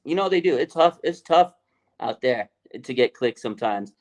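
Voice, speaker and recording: A man's voice: mid-range voice, expressive, moderate pace, a little mellow. A man hosting a casual sports livestream, often laughing and mocking rumors while reading out chat comments. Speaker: sports show host. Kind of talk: casual live-stream commentary.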